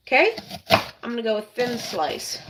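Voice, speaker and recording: Woman cooking host, fairly high voice, chatty, talks to viewers, casual demonstration, kitchen. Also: big pitch swings, moderate pace, very noisy. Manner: chatty, keeps addressing viewers as "you guys".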